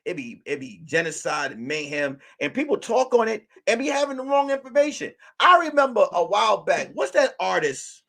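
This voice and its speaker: A man's voice: high voice, big pitch swings, moderate pace, vocal fry, few pauses, fairly bright tone. A man hosting a casual livestream commentary, joking and acting out quotes in mock voices. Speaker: livestream host.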